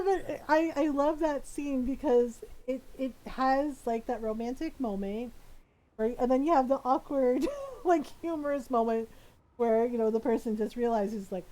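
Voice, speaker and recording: A woman's voice: sits high, normal speed. A woman streaming a video game, chatting casually, giggling often and acting out the characters' lines. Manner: giggly, animated, acts out character voices. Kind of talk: casual gameplay commentary.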